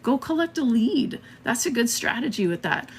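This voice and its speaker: A woman's voice: a little high, big pitch swings, moderate pace, vocal fry, a little hiss or hum. A woman hosting a live marketing stream, talking casually and a bit scattered, laughing often and checking in with "okay?".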